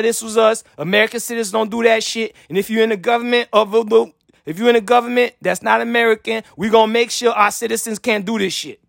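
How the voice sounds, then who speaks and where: High gravelly voice, man ranting. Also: a bit bright, no room sound, studio quality. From Haiti. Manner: heated, blunt, swearing constantly, repeats himself. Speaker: vlogger. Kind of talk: profane political rant.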